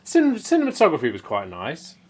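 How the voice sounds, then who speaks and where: A man's voice: a little high, wildly swooping pitch, brisk. A man co-hosting a casual film review chat, rambling with many restarts and fillers. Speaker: film podcast co-host.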